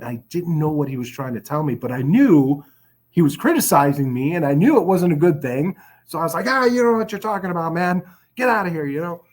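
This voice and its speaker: A man's voice: mid-range voice, darkish tone. A man from Chicago telling his recovery story in a casual, rambling way, with many restarts and fillers.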